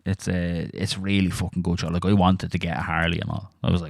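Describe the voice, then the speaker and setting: An Irish man chatting casually on a podcast, sweary and animated as he tells stories. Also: low-pitched, brisk, gravelly, no echo, studio quality. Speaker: podcast co-host. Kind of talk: casual chat.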